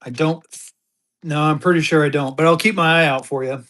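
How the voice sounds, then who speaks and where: A man's voice: on the high side, fairly even intonation, fairly quick, a bit bright. A man selling banknotes on a live stream, chatting casually with fillers and thanking his buyers. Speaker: livestream seller. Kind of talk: casual live auction chat.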